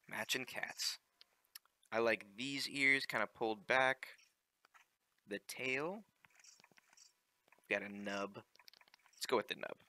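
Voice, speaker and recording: A man's voice: mid-range voice, bright, forceful tone, dry recording. Chatty young man commenting on gameplay. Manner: chatty, joking asides with many ums. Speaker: let's play host. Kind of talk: casual game commentary.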